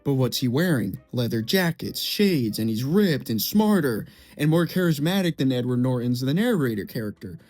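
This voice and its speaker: A man's voice: medium pitch, lively intonation, normal speed, hardly any pauses, darkish tone, faint music behind. A young man giving heated film commentary, swearing and repeating himself as he rants. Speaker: video essay creator.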